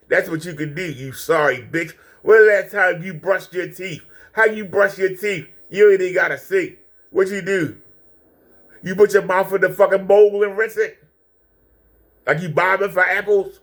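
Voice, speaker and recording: A man delivers a foul-mouthed rant full of taunts and insults aimed at someone he is watching. His voice sits a little high for a man. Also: moderate pace, a bit bright. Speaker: channel host reacting to a clip. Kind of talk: profane reaction rant.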